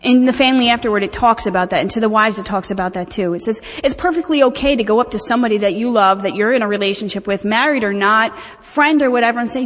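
Candid middle-aged woman, kinda high voice, telling her own story, hall echo all around. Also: quick pace, few pauses. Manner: candid, animated, self-mocking. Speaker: speaker sharing recovery experience. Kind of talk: personal talk at a recovery meeting. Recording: long hall reverb.

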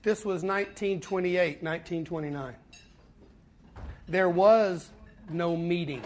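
A man giving a personal recovery talk to a fellowship meeting, telling his story earnestly with pauses and repeated words. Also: high voice. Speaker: speaker at a twelve-step fellowship meeting.

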